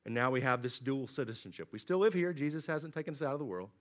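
A man preaching a sermon, swinging from loud emphatic lines to low, quiet drops. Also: expressive, quick pace. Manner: dynamic preaching, rising emphatic then dropping low and quiet. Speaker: pastor.

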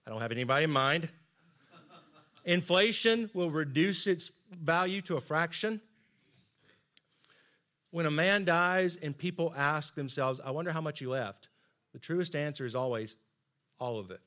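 A middle-aged man preaching a sermon, earnest and emphatic, often dropping to soft asides. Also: on the high side, moderate pace, pauses often. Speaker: pastor.

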